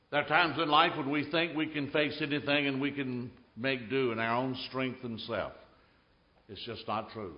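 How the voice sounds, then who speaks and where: A man preaching a sermon, telling stories in an animated way and swinging between loud and hushed. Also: medium pitch, roomy sound, dull audio.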